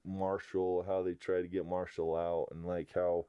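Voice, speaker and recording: A young man with a low, mellow voice recaps a sitcom episode on a podcast. He rambles through the scenes, quoting lines and breaking into laughter. The sound is dry and close, with no room around it. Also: little pitch movement, unhurried, smooth, no room sound, muffled recording. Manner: laughs often, rambling retelling with quoted lines. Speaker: podcast host.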